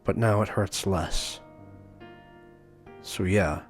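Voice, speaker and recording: A man's voice: deep voice, steady tone, very slow, soft background music. A man reading aloud the subdued, reflective lines of a remorseful young man in a story game. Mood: somber. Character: remorseful young man, quiet and self-aware.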